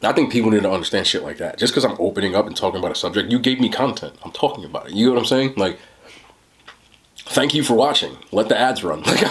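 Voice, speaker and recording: A young man rambling in casual talk while eating on camera, swearing and saying "bro" a lot. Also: a little hiss or hum. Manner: animated, swings from low mutter to high laughing jabs. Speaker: mukbang creator.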